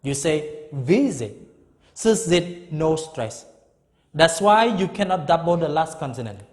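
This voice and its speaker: A high, lively male voice teaches grammar at a deliberate pace, stressing and repeating each point. A long hall reverb trails behind him. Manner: slow, emphatic, repeats key words. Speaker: English teacher. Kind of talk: classroom grammar lesson.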